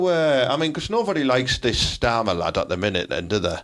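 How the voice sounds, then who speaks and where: A man's voice: mid-range voice, big pitch swings, brisk, fairly bright tone. A young man, a cheeky and crude podcast host in casual banter. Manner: cheeky, crude, does mocking voices.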